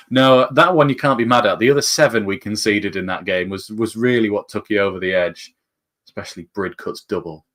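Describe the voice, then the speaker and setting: This is a lowish, slightly bright male voice from northern England. He's doing live fan commentary on a football match, chatty and full of jokes, and his voice climbs sharply with the play.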